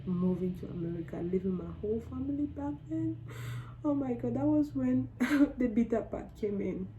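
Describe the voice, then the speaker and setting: A woman's voice: a little high, expressive, moderate pace, phone-quality sound, slight background noise. A young woman from Cameroon telling her story in a casual storytime vlog, chatty and emotional, with lots of "like". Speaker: vlogger.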